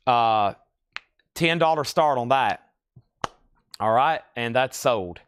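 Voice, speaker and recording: A man's voice: mid-range voice, fairly bright tone, no room sound, clean studio sound. A man hosting a live record sale, chatty, rattling off titles and prices between side stories.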